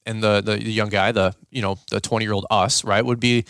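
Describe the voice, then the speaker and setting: A man's voice: fairly low pitch, fairly even intonation, brisk, fairly bright tone, no room sound, clean studio sound. A man hosting a podcast, telling a story in a casual, rambling way with lots of fillers and restarts. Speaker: podcast host.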